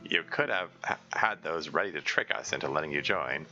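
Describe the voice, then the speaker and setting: Sarcastic, suspicious teen girl, low gruff delivery, as a man acts her out; lo-fi stream sound. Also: brisk, bright, forceful tone, soft background music, full character voice. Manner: blunt, sarcastic, distrustful. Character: gruff, suspicious teenage girl club member.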